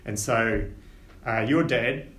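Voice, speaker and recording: A man running a tabletop game in an unhurried way, with many ums. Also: mid-range voice, fairly bright tone, reverberant, slight background noise. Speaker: game master.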